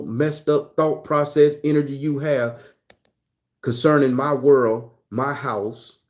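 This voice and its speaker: A man's voice: medium pitch, a little mellow. An older man delivering an impassioned, profane relationship monologue as a channel host, hammering points home with repetition. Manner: profane, preachy, emphatic repetition. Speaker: tarot reader and channel host.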